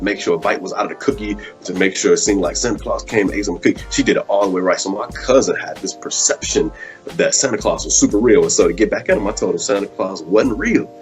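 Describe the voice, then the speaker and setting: A man with a very low voice hosts a live web show, telling stories in a loose, casual way. He acts out the quotes as he goes and drops "man" into almost every sentence. Faint music plays behind him. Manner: animated storyteller, acts out quotes, says "man" often. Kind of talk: casual storytelling and show talk.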